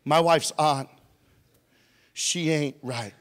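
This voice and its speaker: Male speaker, high-pitched, teasing comic talk to youth, long hall reverb. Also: extremely slow. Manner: playful, teasing, joking with audience members. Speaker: motivational speaker. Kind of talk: comedic motivational talk to a youth audience.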